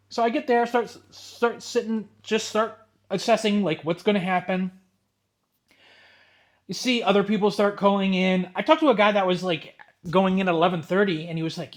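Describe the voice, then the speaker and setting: High-voiced man ranting while opening cards. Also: brisk. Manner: rambling, exasperated, with excited asides. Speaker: card collector vlogger.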